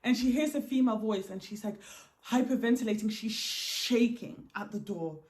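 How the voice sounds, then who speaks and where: A woman vlogger telling a dramatic first-person story in an animated, emphatic way, often repeating words for effect. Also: fairly high pitch, normal speed.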